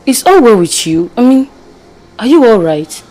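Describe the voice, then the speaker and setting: A woman plays a young Nigerian princess who presses her father with worried questions. Her voice moves lively up and down as she speaks. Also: fairly high pitch, moderate pace, soft background music. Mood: concerned. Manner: concerned, pressing.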